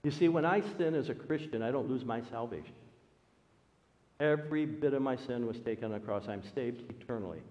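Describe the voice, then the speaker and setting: A man, a pastor, preaching a sermon with animated storytelling, his voice rising for emphasis. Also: mid-range voice, a little fast. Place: church. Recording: dull sound with long hall reverb.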